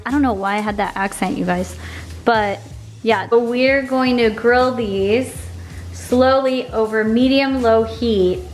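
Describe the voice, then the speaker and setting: A woman's voice: a little high, unhurried, faint music behind. Chatty woman vlogging her cooking. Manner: chatty, upbeat, talking to viewers. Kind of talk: casual cooking vlog. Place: home kitchen and backyard grill.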